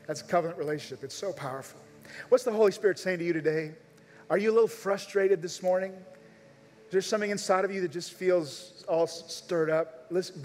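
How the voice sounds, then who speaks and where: A man preaching a sermon at a live church service, making earnest, urgent appeals straight to his listeners. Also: sits high. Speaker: pastor. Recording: long reverb of a large church hall.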